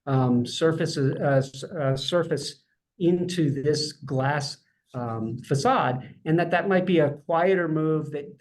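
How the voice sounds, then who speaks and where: A man presenting an architecture project at a public design review, talking fast and earnestly with many restarts. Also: fairly high pitch, a little mellow. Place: remote public meeting.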